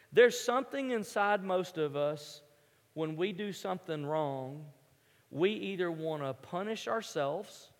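A male pastor preaching in an emphatic, conversational storytelling manner, his voice sitting fairly high. The sound carries a long hall reverb. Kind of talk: sermon.

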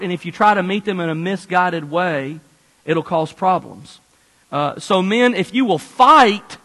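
A male pastor preaching a sermon, his voice high and bright as he tells stories with playful asides. He sounds from a big hall with a long reverb. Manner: animated storytelling, playful asides.

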